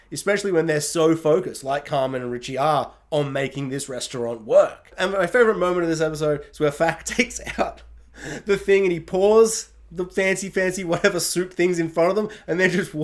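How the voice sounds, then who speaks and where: A man giving a casual spoken review of a TV series, chatty and animated, laughing often and talking in loose, filler-heavy sentences. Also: a little high. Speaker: YouTube TV reviewer.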